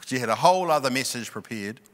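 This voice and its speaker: A middle-aged male pastor telling a personal story in a sermon, animated and often laughing. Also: medium pitch, quick pace. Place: large church hall. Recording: long reverb of a church hall.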